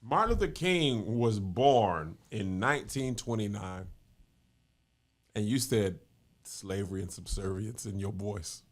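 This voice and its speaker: A man hosting a podcast in easygoing, casual chat. He rambles from point to point, and his pitch moves around in a lively way as he talks. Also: a little slow. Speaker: podcast host.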